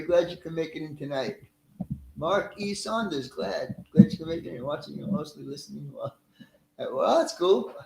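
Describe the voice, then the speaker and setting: A man's voice: fairly high pitch, creaky, echoey room, slight background noise, poor audio. A middle-aged man casually hosting a live stream, greeting viewers by name in a friendly, chatty way and laughing easily.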